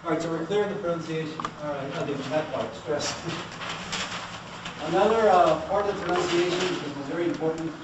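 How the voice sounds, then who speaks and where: An animated male lecturer with a fairly high voice gives a classroom language lecture at a moderate pace, asking the class questions and having them repeat after him. The room is echoey, the mic sits far off, and the recording is noisy.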